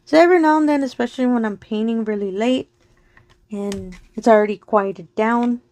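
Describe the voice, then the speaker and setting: A woman chatting casually while diamond painting on her craft channel, her voice going soft and slow as she focuses, with frequent giggles. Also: a little high. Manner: giggles often between remarks. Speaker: crafting vlogger.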